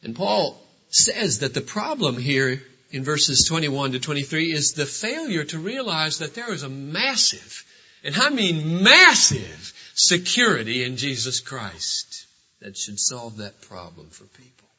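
A man preaching a sermon, emphatic and full of rhetorical questions, with sudden swings between loud and quiet. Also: fairly high pitch, sing-song, breathy edge. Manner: rhetorical questions, drawn-out phrases. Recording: dull lo-fi sermon recording.

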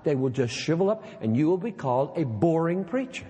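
Animated preacher man in a reverberant hall. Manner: animated, emphatic, drops low and slow when reading quotations aloud. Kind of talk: sermon to preachers.

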